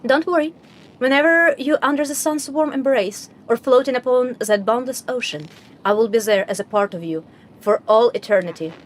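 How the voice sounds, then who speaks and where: A woman reading the lines of a calm, gentle male game hero in a soft, steady, measured way. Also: fairly high pitch, lightly acted. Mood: tender.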